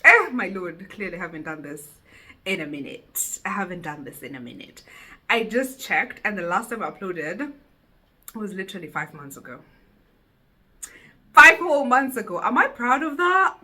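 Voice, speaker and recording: A woman talks straight to camera from her seat at home, giggly and animated. Her bright voice swoops up and down constantly. She is picked up by the camera's own mic rather than a lapel. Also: medium pitch, normal speed, slightly rough. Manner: giggly, animated, self-teasing. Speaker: vlogger. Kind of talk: casual solo vlog chat. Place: seated indoors at home.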